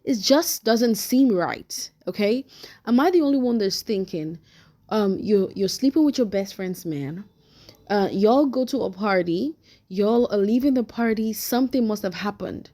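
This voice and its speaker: A woman's voice: medium pitch, lively intonation, measured pace, warm tone. Opinionated woman reacting for her viewers. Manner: opinionated, chatty, addresses viewers directly. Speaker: commentary YouTuber. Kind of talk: reaction commentary.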